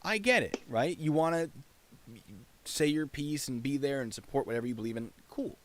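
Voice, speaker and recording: A man's voice: a little high, normal speed, no room sound. A man hosting a casual livestream chat, explaining his points and asking rhetorical questions.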